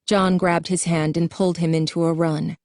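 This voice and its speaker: Mellow-voiced woman narrating an audiobook. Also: lowish voice, flat delivery, normal speed, dry recording, clean studio sound.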